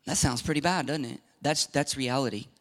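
A middle-aged man preaching a sermon as pastor, emphatic and animated, acting out quoted voices and dropping at times to a whisper. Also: mid-range voice, a little fast.

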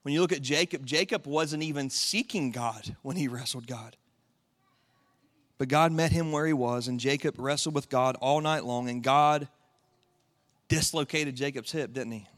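A young man preaching a sermon, earnest and personal, rising to loud impassioned passages. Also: mid-range voice, moderate pace. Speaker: pastor.

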